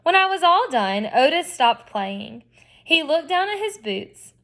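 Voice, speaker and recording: Expressive female reader of a children's novel, slightly high, chatty asides. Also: unhurried. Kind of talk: reading a children's novel aloud.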